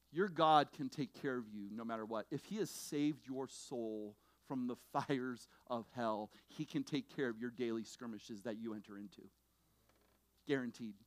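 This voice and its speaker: A middle-aged male pastor preaching a sermon, swinging between loud bursts and low, intense passages. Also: no room sound. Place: church sanctuary.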